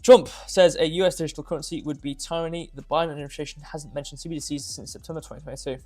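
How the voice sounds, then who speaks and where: Guy talking fast about charts, kinda high voice, trips over words. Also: fairly even intonation, darkish tone, faint music behind. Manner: quick, rambling, self-correcting. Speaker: co-host and chart analyst. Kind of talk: casual chat.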